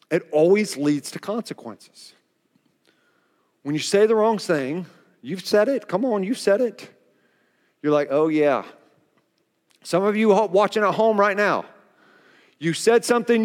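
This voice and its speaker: A pastor with an Oklahoma accent preaching a sermon, telling a story with animated delivery and acting out the exchanges himself. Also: male voice, fairly high pitch, in a large hall. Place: church auditorium.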